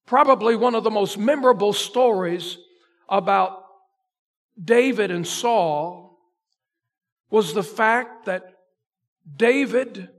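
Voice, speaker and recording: A male pastor preaching a sermon, retelling a story dramatically and swinging between loud emphasis and a near hush. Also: high-pitched, slow pace, long pauses.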